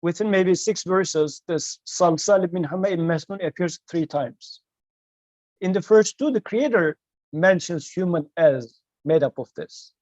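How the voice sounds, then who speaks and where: A man teaching a study session, quoting verses and translating them in a measured way. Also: sits high, darkish tone, no room sound, rough recording. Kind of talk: explaining scripture to a student.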